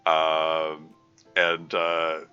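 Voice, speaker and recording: A man chatting over his stream, hesitant and full of restarts, chuckling between thoughts. His voice sounds bright and sharp. The sound is slightly muffled, with faint music playing under him. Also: extremely low pitch, monotone, drawn-out words, clean tone. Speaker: streamer reading a game mod. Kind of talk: live stream commentary.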